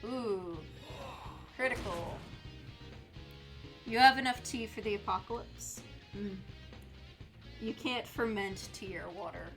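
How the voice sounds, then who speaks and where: A chatty young woman streams a game and answers her chat, with an easy laugh in her voice. Her pitch sits in the middle, and soft game music plays faintly behind her. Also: slow, pauses often. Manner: chatty, laughs often, reads chat aloud. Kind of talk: casual gameplay stream chat.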